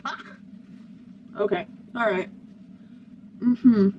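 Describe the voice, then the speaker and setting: Recorded lo-fi with noise in the background, a young woman of medium pitch talks at normal speed but leaves long pauses. She's styling her hair at home in the family room for a vlog, rambling, forgetting where she was going and jumping topics.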